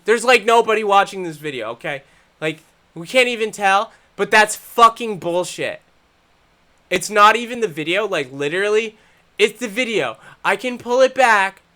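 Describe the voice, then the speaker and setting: A young man hosting a live stream, talking in a profane, rambling way that swings from loud angry ranting to low, muttered talk. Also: animated, normal speed. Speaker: channel host.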